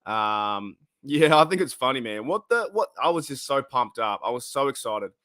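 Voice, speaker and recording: A man's voice: medium pitch, animated, moderate pace, sharp tone, dry recording, clean studio sound. A man with an Australian accent hosting a casual live stream, rambling with lots of fillers as he greets viewers in the chat. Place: his room at home.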